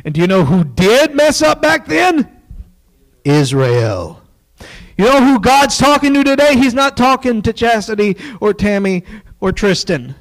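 A man preaching a sermon in a folksy, joking way, dropping into quiet asides. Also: very high-pitched, lively intonation, normal speed, rough recording.

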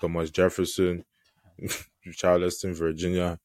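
A man's voice: deep voice, monotone, unhurried, a little mellow, no room sound. A young man co-hosting a podcast, chatting casually in slang and laughing easily. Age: young adult. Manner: laughing, slangy, says "bro". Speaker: podcast co-host.

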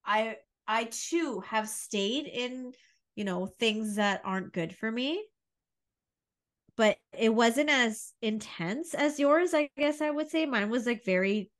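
Woman podcast co-host, higher pitch, rambling and giggly conversationalist. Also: expressive, slow pace. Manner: chatty, laughs often, rambling analogies. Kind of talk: casual chat.

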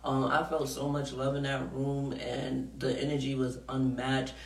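A woman's voice: a bass voice, flat delivery, measured pace, gravelly, a little mellow, echoey room, recorded from a distance. A woman hosting a podcast in a studio, talking casually and frankly, laughing often and swearing freely. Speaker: podcast host.

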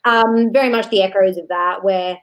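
A woman's voice: mid-range voice, fairly even intonation. Chatty woman guest on a film podcast. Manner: chatty, quick agreeing replies. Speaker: guest reviewer. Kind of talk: casual movie review chat. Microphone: own mic on an online call.

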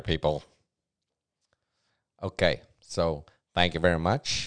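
Rambling middle-aged comedian. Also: male voice, low-pitched, unhurried. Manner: rambling, self-mocking, jumping between mumbles and bursts. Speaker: podcast host. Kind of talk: solo comedic podcast monologue.

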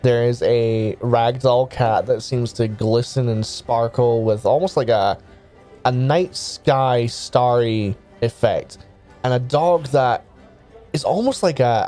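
Mellow-voiced man running a tabletop game. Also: mid-range voice. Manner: rambling, hesitant descriptions with many fillers. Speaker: game master.

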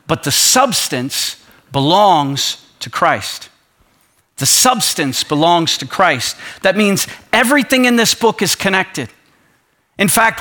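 A man's voice: sits high, bright, forceful tone. A man preaching a sermon as pastor, reading scripture and growing impassioned as he builds his point.

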